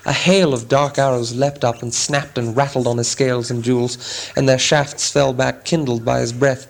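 Guy reading a storybook aloud, middle pitch, measured and dramatic. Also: vocal fry, low-quality recording. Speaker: audiobook narrator. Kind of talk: scripted narration.

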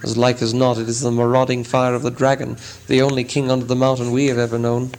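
A man's voice: mid-range voice, flat delivery, quick pace, a little mellow, natural voice. A man reading a storybook aloud, voicing a grim, foreboding townsman. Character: grim-voiced gloomy man, townsman archer.

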